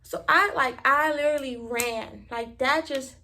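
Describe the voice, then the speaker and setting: High-voiced young woman telling a wild story. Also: a little slow, creaky. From Miami, Florida. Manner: animated, profane, emphatic storytelling. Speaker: vlogger. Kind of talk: storytime vlog.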